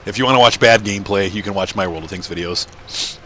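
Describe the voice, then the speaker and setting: A man's voice: low voice, brisk, bright, forceful tone, slight background noise. A man chatting casually as he plays a farming game at home, rambling and laughing often. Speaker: let's-play gamer. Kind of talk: casual gameplay commentary.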